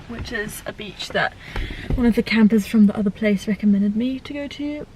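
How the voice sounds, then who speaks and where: A young woman talking casually to her camera in a vlog, chatty and excitable. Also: medium pitch, a little hiss or hum, poor audio. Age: young adult. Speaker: vlogger. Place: van and outdoors. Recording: loud background music.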